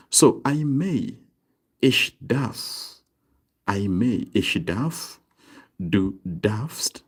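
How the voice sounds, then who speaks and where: A man teaching an online language lesson, explaining slowly and deliberately and drawing out each example word. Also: sits low, a little mellow, slightly rough. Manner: slow, deliberate explaining with drawn-out example words.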